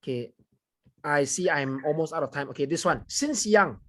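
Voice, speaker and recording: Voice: mid-range voice, lively intonation, moderate pace, fairly bright tone, a little hiss or hum. A speaker with a Singaporean accent giving a language evaluation on a video call and correcting grammar and pronunciation. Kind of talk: club speech evaluation.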